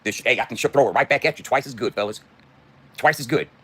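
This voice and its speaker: A man's voice: medium pitch, fast, pushed and bright, breathy edge. A middle-aged man delivering a heated, profane, confrontational livestream rant.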